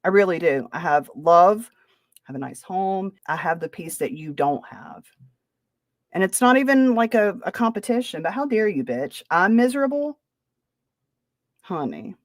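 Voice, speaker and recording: A woman's voice: on the low side, sing-song, normal speed, dry recording, studio quality. A woman hosting a podcast, talking casually in a sarcastic, defensive way. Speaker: podcast host. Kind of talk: casual chat.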